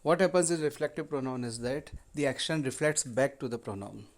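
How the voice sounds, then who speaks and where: Indian man teaching grammar step by step. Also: mid-range voice. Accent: Indian English. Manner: explains slowly, repeats points, slips into Hindi. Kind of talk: grammar lesson.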